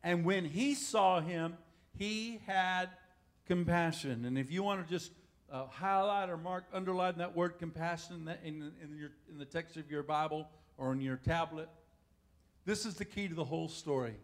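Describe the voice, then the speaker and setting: High-voiced preacher. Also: male voice, normal speed. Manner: folksy, asks the congregation questions. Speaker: pastor. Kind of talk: sermon.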